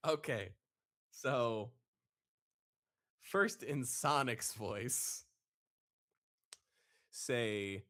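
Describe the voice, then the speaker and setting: A man speaks as a guest on a live stream, slowly and thoughtfully. He pauses to search for words. His pitch moves a lot as he talks. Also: animated, fairly bright tone. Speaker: guest voice impressionist. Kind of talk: casual live-stream chat.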